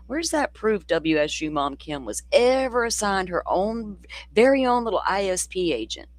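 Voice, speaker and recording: A true crime host from the Deep South, talking in a loose, rambling livestream chat that is blunt, profane and sardonic. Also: big pitch swings, moderate pace, dry recording. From Florida, near the Alabama state line. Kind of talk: casual livestream commentary.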